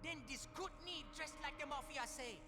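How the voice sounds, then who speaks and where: A brash Guyanese street kid. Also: male voice, very high voice, moderate pace. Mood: streetwise. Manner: heavy dialect, swaggering and cocky. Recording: game audio with long reverb and music.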